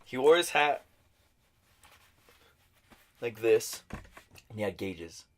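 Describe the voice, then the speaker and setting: On a podcast he co-hosts, a man from New Mexico, US, tells a casual story about a bar fight, swearing with animation and acting out people's lines. His voice is medium in pitch and he speaks slowly.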